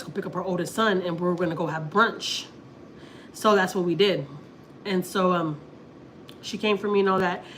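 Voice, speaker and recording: A woman's voice: on the low side, a bit bright, a little hiss or hum. Rambling Houston woman telling a story. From Houston, Texas. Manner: rambling storytelling, acts out her own quotes. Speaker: family vlogger on a livestream. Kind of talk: casual livestream chat.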